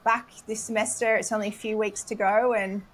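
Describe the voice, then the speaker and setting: Woman host, mid-pitch, easygoing and informal interviewer. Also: flat delivery, fairly quick. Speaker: podcast host, nursing student. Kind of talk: casual interview chat.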